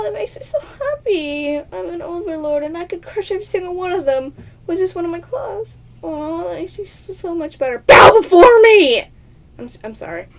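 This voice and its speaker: A woman reading a choice-based text game aloud, stumbling over words and giggling through playful asides to her viewers. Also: sits high. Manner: stumbles over words, often tongue-tied. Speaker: player of a text adventure game.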